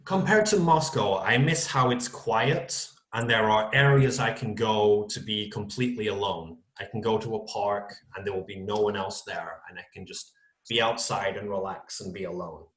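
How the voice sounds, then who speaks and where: On a video call, a man from North-West England teaches English and fields questions from students. He speaks at a normal pace in a fairly low voice, hesitantly dropping lots of ums and kind-ofs, and the sound is roomy.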